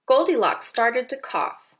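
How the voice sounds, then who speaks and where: A woman reading a children's picture book aloud, with a bright, clear tone and a fairly high voice. Her pitch rises and falls widely as she plays up each line. She adds playful asides to young listeners. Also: unhurried. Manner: expressive, playful, teacherly asides. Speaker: narrator. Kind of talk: children's storybook narration.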